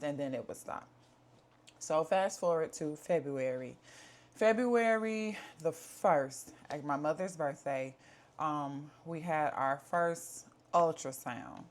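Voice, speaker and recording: A woman's voice: deep voice, expressive, takes it slowly. A woman in her thirties giving a candid personal life update from home, talking conversationally and repeating herself. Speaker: vlogger.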